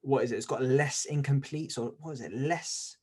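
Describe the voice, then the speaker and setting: A man's voice: mid-range voice, normal speed, a little mellow, husky. A man co-hosting a sports podcast in casual chat, self-deprecating and often restarting his sentences. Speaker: podcast co-host.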